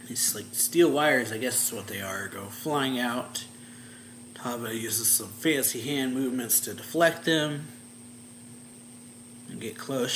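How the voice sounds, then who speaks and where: A man's voice: medium pitch, fairly bright tone, slight background noise. A young man casually recapping a story, rambling with lots of fillers and little chuckles. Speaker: reaction channel host. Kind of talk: casual manga chapter recap.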